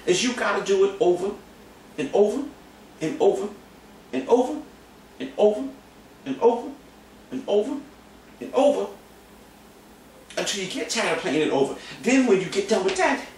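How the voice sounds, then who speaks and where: A man's voice: sits high, lively intonation, moderate pace, long pauses. A man clowns through a drum lesson with goofy, mock-boastful talk, repeating phrases over and over. His voice comes from a distance in a very echoey room with faint noise behind it. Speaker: drum teacher. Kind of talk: comedic casual drum lesson.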